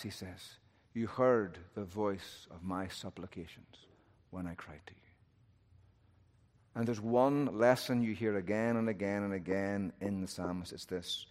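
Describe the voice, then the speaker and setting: A man preaching a sermon, moving between loud, urgent peaks and hushed, low phrases. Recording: long hall reverb.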